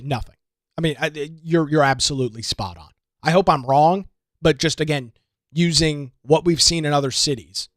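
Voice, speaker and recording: A man's voice: on the high side, dry recording, studio quality. A man hosting a talk radio show, delivering an impassioned political commentary monologue with emphatic repetition. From North Carolina. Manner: impassioned, emphatic, repeats words when stressing points.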